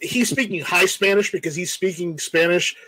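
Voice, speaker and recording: A man's voice: high voice, normal speed, bright, forceful tone, rough recording. A man hosting a casual livestream, reading viewer comments aloud and rambling with jokes. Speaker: livestream host reading chat.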